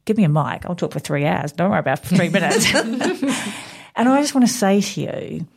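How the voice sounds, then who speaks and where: Gravelly low-voiced woman in her 40s, loud animated radio chat, laughs a lot. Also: a little fast. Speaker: business owner guest.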